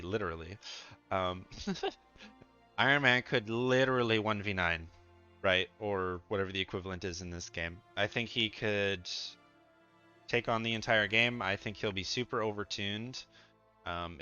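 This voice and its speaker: This fairly low, bright, forceful male voice sounds clear and resonant on a lo-fi recording. He's a gaming content creator doing laid-back tier-list commentary, thinking out loud with fillers and restarts, drowsy and yawning.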